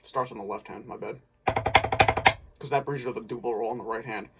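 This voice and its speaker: A man's voice: medium pitch, steady tone, brisk, gravelly, heavy background noise. A man casually breaking down a snare drum part as an instructor, thinking aloud with small restarts. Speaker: drumline instructor.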